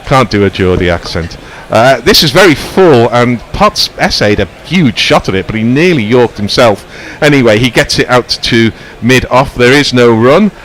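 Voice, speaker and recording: A man calling cricket ball by ball, drifting into whimsical asides as he talks. His voice sits at a middling pitch, with a faint hum of outdoor noise behind it. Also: expressive, moderate pace, few pauses, fairly bright tone. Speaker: cricket commentator. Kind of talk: ball-by-ball radio commentary.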